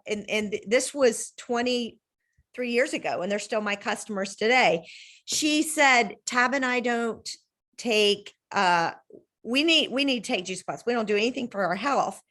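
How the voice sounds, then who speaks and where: A woman, hosting a casual video-call chat from home and telling stories with lively, acted-out quotes. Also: unhurried. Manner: animated storyteller, acts out quotes with big pitch jumps. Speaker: host.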